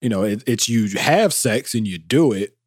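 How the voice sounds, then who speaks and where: A man's voice: mid-range voice, normal speed, no room sound, studio quality. Laid-back man giving relationship advice. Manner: relaxed, slangy, gives advice. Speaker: podcast co-host. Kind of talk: casual chat.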